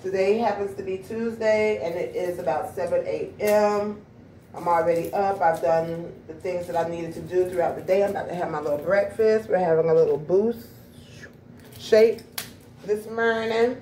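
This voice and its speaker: A woman with a lowish, warm voice speaks at normal speed, chatting straight to her viewers in a home vlog set in her house and backyard. Her camera mic picks up slight background noise and a roomy, distant echo.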